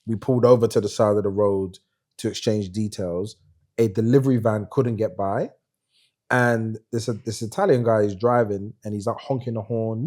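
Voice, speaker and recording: A man's voice: fairly low pitch, moderate pace. A middle-aged man, a podcast host telling a story in casual chat and putting on voices when he quotes people. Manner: animated storyteller who puts on voices when quoting people.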